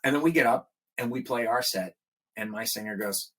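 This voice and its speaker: A middle-aged man with a husky, slightly rough voice tells stories in a relaxed podcast chat. His pitch sits in an ordinary middle range. He livens up when he acts out the people in his stories. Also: fairly quick. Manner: animated, acts out quoted people in a raised voice. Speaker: guest musician. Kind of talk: casual storytelling in a podcast interview.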